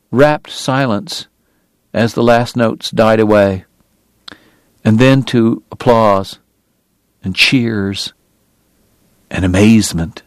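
A man reading a novel aloud as a measured, dramatic audiobook narrator. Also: lowish voice, no echo, studio quality. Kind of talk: scripted narration.

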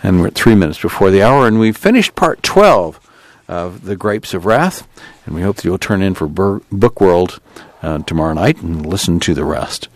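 A man reading a novel aloud on radio in steady, measured narration. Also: low-pitched, no room sound. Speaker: radio reader.

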